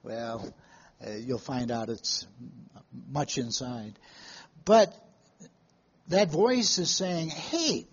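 A man preaching a sermon to a live congregation, telling stories in a folksy way with halting restarts and questions to the room. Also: medium pitch, sing-song, breathy edge, lo-fi sound.

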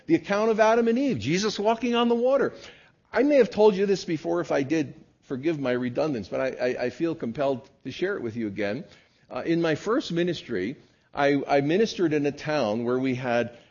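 A man who is a pastor, preaching a sermon with emphatic peaks that drop to quiet asides. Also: a little high, slightly rough. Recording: dull lo-fi recording.

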